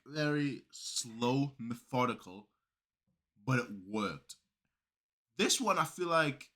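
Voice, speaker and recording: A man hosting a reaction video, talking in a casual, excitable, rambling way with lots of restarts. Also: medium pitch.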